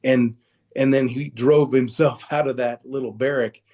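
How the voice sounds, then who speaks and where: On a video call, a male guest recounts something from his own life in a relaxed, meandering way, frequently starting over. His mid-range voice is steady and mellow, and he moves at a moderate pace.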